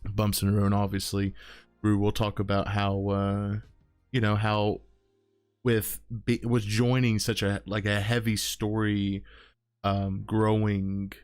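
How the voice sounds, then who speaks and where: A man's voice: fairly low pitch, monotone, measured pace, clear, resonant tone, soft background music. A man hosting a casual interview over an online call, talking loosely with plenty of filler words and casual swearing. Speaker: host.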